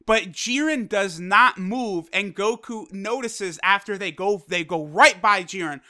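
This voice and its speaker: A man giving an excited, casual, profane review of an anime episode, retelling scenes as a fan. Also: high-pitched, measured pace.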